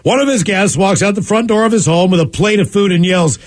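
A man's voice: high voice, a little fast. A man hosting a comedy radio show, reading listener emails in a casual, jokey way. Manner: animated, jokey, shouts and sings now and then.

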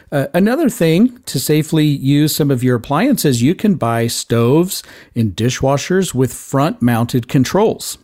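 Middle-aged male talk radio host, casual and chatty, mid-pitched voice. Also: darkish tone. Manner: chatty, loose, many fillers and restarts.

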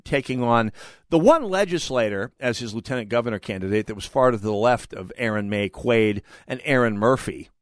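A man's voice: medium pitch, no room sound. A man hosting a talk radio show, giving opinionated commentary with emphatic, sarcastic delivery and indignant outbursts into a studio mic.

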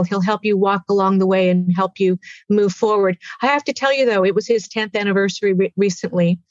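A woman in her sixties giving an earnest personal testimony as an interview guest, halting and tearful at times. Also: medium pitch, no echo, highs cut off.

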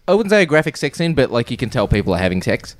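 Male podcast host, casual storyteller, laughs and swears, lively pitch. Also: racing, no echo. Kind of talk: casual chat.

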